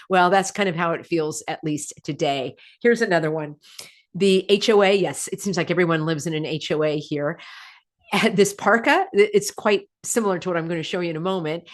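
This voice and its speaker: A woman hosts her own broadcast in a casual, chatty way, reacting and laughing as she goes. Her pitch swings widely from line to line. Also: normal speed. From United States. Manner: chatty, animated, laughs often. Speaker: host.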